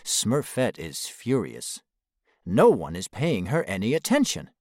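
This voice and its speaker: A man reading a children's storybook aloud, expressive and dropping low on the speech tags. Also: a little slow, no echo, studio quality. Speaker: narrator.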